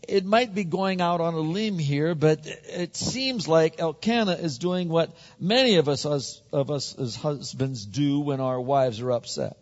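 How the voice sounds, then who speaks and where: A man's voice: fairly high pitch, unhurried, few pauses. A male pastor preaching a conversational sermon, often repeating words as he builds to a point. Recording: muffled sound with long hall reverb.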